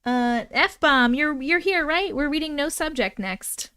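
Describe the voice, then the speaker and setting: A woman hosting a casual livestream, chatting excitedly and reacting to viewer comments as she reads and discusses their stories. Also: high-pitched, measured pace, dry recording, faint music behind.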